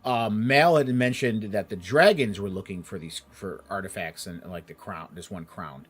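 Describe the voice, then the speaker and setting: Male game master, deep and husky, halting narration. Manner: halting, with many fillers and restarts.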